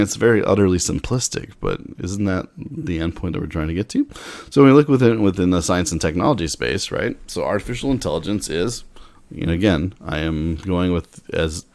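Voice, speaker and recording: A man with a deep, low voice talks through a technology topic in a relaxed, conversational way. He trails off, restarts his sentences and drops in wry asides as he goes. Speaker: tech speaker. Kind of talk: casual explanatory talk.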